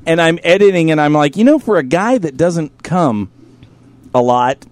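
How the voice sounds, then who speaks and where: A man's voice: a little high, animated, moderate pace, dry recording. A man hosting a studio podcast, swearing freely and laughing often as he banters. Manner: profane, blustery, laughs often. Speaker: podcast host. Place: studio before a live audience.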